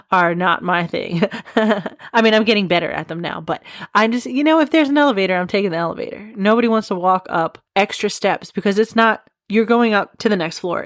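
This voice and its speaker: In a dry, clean studio recording, a young woman with a mid-range voice hosts a podcast. She tells a rambling story in casual chat, laughing often and tossing in self-deprecating asides.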